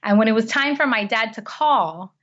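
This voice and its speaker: Heard on a slightly dull lo-fi recording, a woman with a somewhat high, animated, a bit bright voice speaks at a moderate pace. She's a podcast guest sharing personal stories in conversation, heartfelt and earnest, with frequent restarts.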